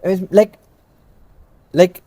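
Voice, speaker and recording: A man's voice: warm tone, no room sound. A young man from India co-hosting a casual chat show, ranting in an emphatic, exasperated way and rattling off long lists. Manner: exasperated, emphatic, rapid-fire listing. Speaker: podcast co-host.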